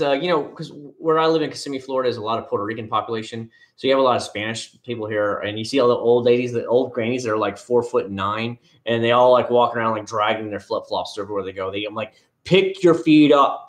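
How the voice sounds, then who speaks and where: Man, livestream host, casual rambling chat, answers viewers by name, talks into a headset at home. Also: medium pitch.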